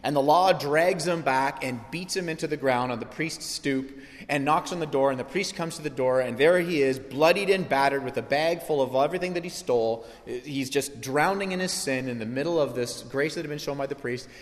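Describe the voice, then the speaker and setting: A man preaching a sermon as pastor, telling stories in an animated, lively way. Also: mid-range voice, brisk. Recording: long hall reverb.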